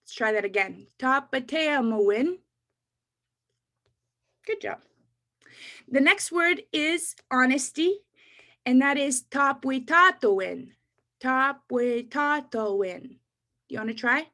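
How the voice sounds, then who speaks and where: Woman, Canadian, high voice, spoken word poet, teaching, repeat-after-me. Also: big pitch swings, measured pace, bright, forceful tone. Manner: rhythmic rhyming recitation, then coaching listeners to repeat words. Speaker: poet and educator. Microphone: online webinar mic.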